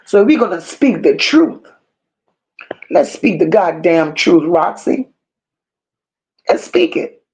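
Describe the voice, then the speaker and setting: A woman hosting a commentary stream, talking in a slow, emphatic and scornful way and stopping to read viewer comments aloud. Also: on the low side, expressive, darkish tone. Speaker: commentary channel host. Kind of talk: unscripted livestream rant.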